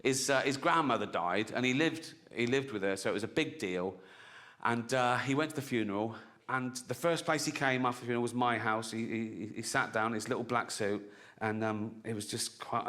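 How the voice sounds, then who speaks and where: A man's voice: mid-range voice, fairly quick, fairly bright tone. A man, telling stand-up stories in a conversational way and checking in with the audience. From England. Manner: conversational, keeps checking in with "right?". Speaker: stand-up comedian. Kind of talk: stand-up storytelling.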